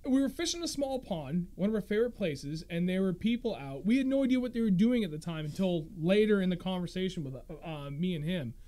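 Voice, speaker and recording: A man in his thirties hosting a fishing podcast, telling stories in a casual, animated way and laughing often. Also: high-pitched, fairly quick, few pauses. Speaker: podcast host. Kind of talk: casual chat.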